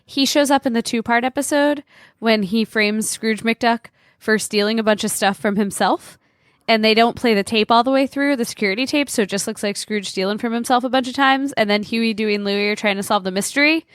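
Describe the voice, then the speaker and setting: A woman's voice: a little high, brisk, smooth, dry recording, clean studio sound. A woman co-hosting a casual podcast, chatty and wry as she recaps cartoon plots. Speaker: podcast co-host answering trivia.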